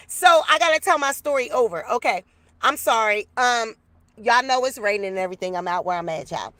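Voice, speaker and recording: A chatty woman, a YouTuber, talks her viewers through a story in a lively, casual way from outdoors. Her voice sits a little high. The sound is close and dry, with no room around it. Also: a little fast, dry recording. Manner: chatty, animated storyteller addressing viewers as y'all. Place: outdoors in the rain.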